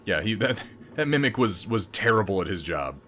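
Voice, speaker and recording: A man's voice: fairly low pitch, big pitch swings, normal speed, bright, forceful tone, slight background noise. A man giving casual, sardonic and profane commentary while playing a video game. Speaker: let's play host.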